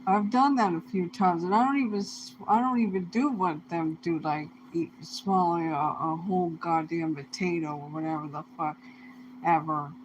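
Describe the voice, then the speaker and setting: A woman's voice: on the low side, steady tone, normal speed, background noise. A young woman talking to camera in a rambling, casual monologue, swearing heavily in loose, slangy speech. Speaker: vlogger.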